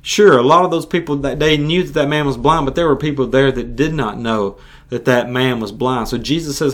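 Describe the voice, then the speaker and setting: A man's voice: medium pitch, brisk. A male preacher who hosts a podcast, giving an earnest sermon and often restarting and repeating himself. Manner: earnest, repetitive, with frequent restarts.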